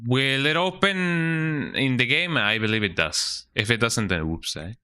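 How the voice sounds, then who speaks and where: A man's voice: medium pitch, animated, a little slow, bright, forceful tone, clear, resonant tone. Chatty streamer man saying "eh?". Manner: chatty, tags sentences with "eh?", mutters while reading instructions aloud. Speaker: game streamer. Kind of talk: casual live-stream chat.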